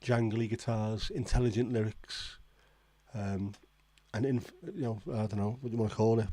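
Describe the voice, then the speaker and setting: A man's voice: on the low side, fairly even intonation, normal speed, mellow, husky, dry recording. A man hosting a casual livestream, reading out viewer comments and reacting with blunt, swearing disbelief. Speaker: livestream host.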